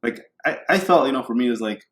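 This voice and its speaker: A man's voice: medium pitch, lively intonation, fast talker. A man telling a personal story in casual podcast chat, rambling with many fillers.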